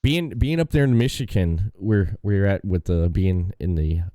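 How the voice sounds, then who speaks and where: Male podcast host, very low voice, dark tone, dry sound, rambling storyteller. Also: normal speed, no room sound. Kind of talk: casual chat.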